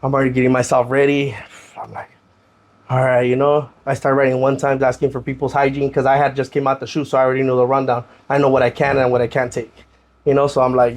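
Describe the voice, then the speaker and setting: A man, a podcast guest casually telling his own story in animated slang and acting out what others said. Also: mid-range voice, fast. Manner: animated, acts out other people's lines, heavy slang.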